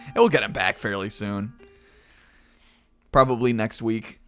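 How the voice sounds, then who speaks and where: A man's voice: lowish voice, a little slow, fairly bright tone, soft background music. A man streaming a game, giving casual commentary with lots of laughter, jokes and swearing. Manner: laughing, joking, swears freely. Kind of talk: casual let's-play commentary.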